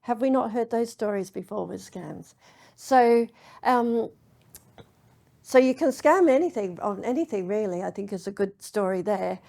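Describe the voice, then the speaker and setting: A woman giving a public lecture, telling anecdotes in a chatty way with many pauses and ums. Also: mid-range voice, expressive, creaky, darkish tone. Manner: chatty storytelling with frequent ums. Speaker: university lecturer. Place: lecture hall.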